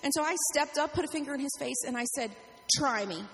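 A middle-aged woman pastor preaching a sermon, telling a personal story in an animated way. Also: sits high, very fast, in a large hall.

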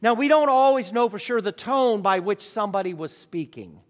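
High-voiced man preaching in a hall. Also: lively intonation, normal speed. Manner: emphatic, rhetorical questions. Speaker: pastor. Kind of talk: sermon. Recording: long reverb of a large hall.

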